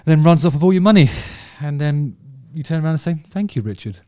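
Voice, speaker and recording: A man's voice: a little high, steady tone, fast, a little mellow, smooth, no echo, studio quality. A man chatting casually about favourite songs, rambling and enthusiastic, with many ums and restarts. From England. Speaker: vlog host talking about music.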